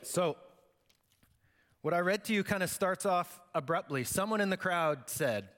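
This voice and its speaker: A man's voice: sits high, animated, a little slow, a bit bright. A man preaching a sermon as pastor, conversational and joking, acting out the quotes he reads. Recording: long hall reverb.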